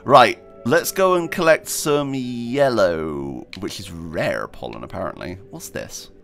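Excitable man playing a game. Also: fairly low pitch, slow pace, gravelly, soft background music. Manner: excitable, squeals with delight, chatty. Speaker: gaming video host. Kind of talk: let's play commentary.

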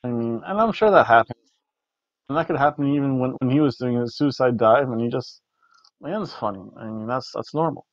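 A man hosts a casual review chat, rambling along and often restarting his sentences. His voice sits at an ordinary middle pitch. The recording is dry and a little dull. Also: brisk, no echo. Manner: rambling, repeats words, food-rating jokes. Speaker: podcast co-host reviewing wrestling.

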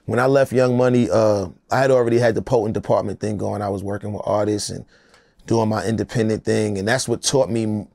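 This middle-aged rapper's voice is low-ish, darkish and gravelly, and he keeps a steady tone while talking a little fast. Chatting casually in an interview, he sounds loose, emphatic and streetwise, captured dry and close-miked with no echo.

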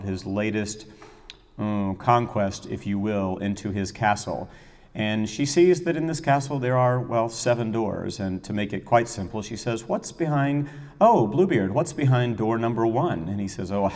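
A middle-aged man, an orchestra's music director, talking casually and enthusiastically about the coming season, with some fillers. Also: on the low side. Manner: chatty, enthusiastic storyteller with fillers. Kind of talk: casual season announcement talk. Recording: long hall reverb.

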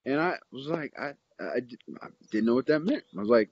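A man's voice: medium pitch, moderate pace, breathy edge, dry recording. Middle-aged man, coach type, rambling storyteller; dry, muffled lo-fi audio. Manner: rambling, animated anecdote with many fillers and restarts. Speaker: interview guest, football coach. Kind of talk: casual storytelling.

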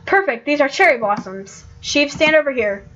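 A woman's voice: high-pitched, lively intonation, moderate pace, a bit bright, muffled recording, slight background noise, pitched above the performer's own voice. A woman voicing a snarky, bossy game cat. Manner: snarky, insulting. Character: rude bossy cat protagonist.

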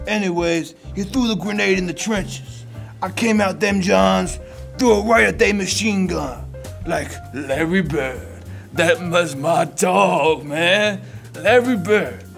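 A man's voice: high-pitched, creaky, full character voice. A young man voicing a crotchety old grandpa who rambles and boasts about basketball in a comedy sketch, with music playing behind.

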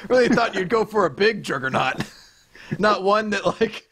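A man's voice: sits high, lively intonation, normal speed, a bit bright, husky. A man co-hosting a podcast in casual chat, joking and sarcastic and swearing freely. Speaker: podcast co-host.

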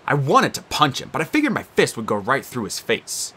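Animated, bright-voiced male storyteller. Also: lowish voice, fairly quick, few pauses, slightly rough. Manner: expressive, animated reading. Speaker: audiobook narrator. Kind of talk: storybook narration.

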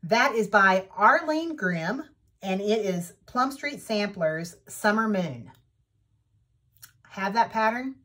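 A woman vlogger in casual show-and-tell chat, talking at an unhurried, easy pace. She sounds eager and chatty, with a middling pitch. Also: expressive, a bit bright. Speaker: needlework vlogger.

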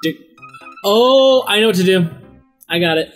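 A man hosting casual gameplay commentary, excitable, often yelping and laughing. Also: high voice, moderate pace, faint music behind.

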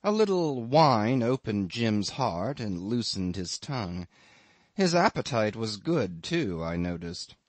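A man reading a classic novel aloud as an audiobook narrator, in a measured, unhurried literary manner. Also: on the low side, very animated, no echo. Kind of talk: scripted narration.

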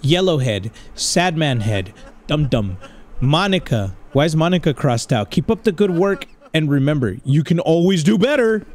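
A man giving excitable, profane let's play commentary, talking straight to his viewers and dropping Spanish slang exclamations. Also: on the high side, normal speed. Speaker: gaming channel host.

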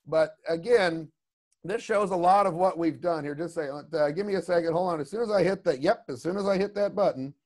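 His voice sits high with a darkish tone, and he moves briskly as he teaches creature design to students on a video call. The talk is casual and rambling, peppered with asides and "you know what I mean."

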